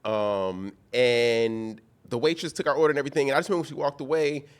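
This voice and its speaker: A man co-hosting a podcast in casual chat, expressive and quoting people in raised voices. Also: mid-range voice, quick pace, clean tone. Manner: expressive, swoops up when quoting others. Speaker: podcast co-host.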